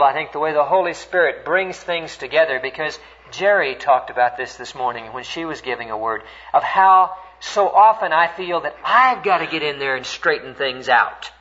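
An older man preaching a sermon, earnest and animated as he tells a story, voice climbing high when stirred. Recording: dull, lo-fi recording.

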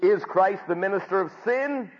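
A man preaching a sermon from scripture, building up to loud emphatic peaks and then dropping back low. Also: normal speed. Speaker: pastor. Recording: dull audio with long hall reverb.

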